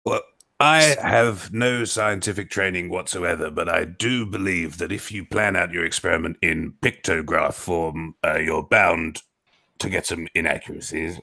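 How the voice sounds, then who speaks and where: Brief: deep-voiced sarcastic male panelist, bright timbre. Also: unhurried, dry recording, studio quality. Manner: sarcastic, teasing. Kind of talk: casual group chat.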